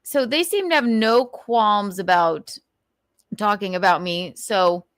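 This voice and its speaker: A woman's voice: medium pitch, slow pace, fairly bright tone, clean tone, dry recording. A woman hosting a casual livestream, rambling and gossiping, swearing freely as she vents. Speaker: livestream host.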